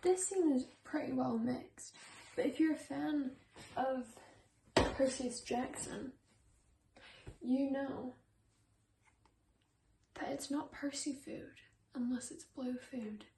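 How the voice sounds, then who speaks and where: Goofy girl baking in her kitchen, high voice, slow, echoey room and far mic. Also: warm tone, a little hiss or hum. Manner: playful, goofy, makes silly noises. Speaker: YouTuber baking on camera. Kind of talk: casual baking vlog chat. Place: home kitchen.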